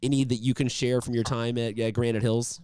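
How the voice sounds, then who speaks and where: A man's voice: medium pitch, level tone, brisk, warm tone, clean tone, no echo, clean studio sound. A man hosting a sports interview, upbeat and chatty, rambling with restarts. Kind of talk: casual interview.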